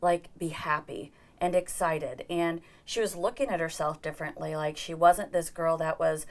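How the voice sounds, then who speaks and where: A woman's voice: low-pitched, fairly even intonation, normal speed. A middle-aged woman giving an earnest personal account as an interview guest, acting out the dialogue she quotes.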